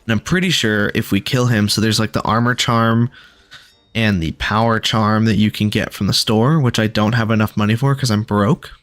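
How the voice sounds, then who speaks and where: A man's voice: on the low side, fairly even intonation, normal speed, a bit bright. A man casually commenting on his own gameplay as he plays, thinking aloud and reacting with sudden exclamations. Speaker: gaming video creator.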